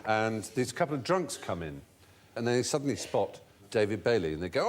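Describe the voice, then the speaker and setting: A man's voice: fairly low pitch, a little fast. A man hosting a TV quiz show in a studio, telling anecdotes with relish. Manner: animated anecdotal, puts on voices for quotes. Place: TV studio before an audience.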